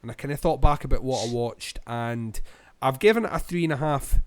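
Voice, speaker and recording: A Scottish man co-hosting a podcast, giving a rambling film review full of ums and pauses. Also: mid-range voice, no echo. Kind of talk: casual film review chat.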